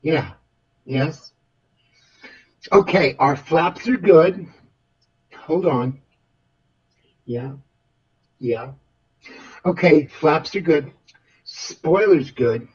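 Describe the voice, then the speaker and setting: A man's voice: fairly high pitch, very slow, pauses often, a little mellow, highs cut off. A man playing a flustered, flamboyant airline pilot who rambles and stammers through repeated words in an improvised comedy bit. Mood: rambling. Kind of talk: improvised comedy role-play over radio chatter.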